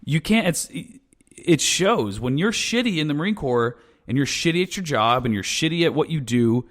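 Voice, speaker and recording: A man hosting a casual podcast conversation. His voice sits a bit high and bounces around a lot in pitch. He chimes in with quick, profane reactions and laughs along. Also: animated, a bit bright. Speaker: podcast host. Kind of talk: casual chat.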